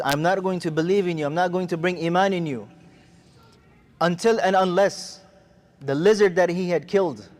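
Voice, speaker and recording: A man preaching in a mosque, telling a story quickly and acting out the quoted speech. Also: on the high side. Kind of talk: sermon.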